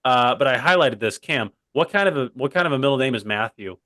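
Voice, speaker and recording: A man's voice: mid-range voice, animated, fast, bright, forceful tone. A young man co-hosting a comedy podcast. He rambles and keeps drifting into side tracks, and the sound is close and dry, with no room echo. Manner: rambling, digressive, keeps saying "by the way". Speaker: co-host. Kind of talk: casual comedy podcast chat.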